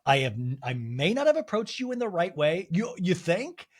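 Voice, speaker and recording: A man imitating an earnest woman who pleads for calm in a slow voice. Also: high voice, pitched above the performer's own voice. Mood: pleading.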